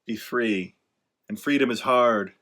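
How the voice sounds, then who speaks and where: In a slow, mid-range voice that sounds pushed and bright, a male author coaches writers in a relaxed, motivating way. He rambles, corrects himself, and stays emphatic and encouraging, adding sarcastic asides.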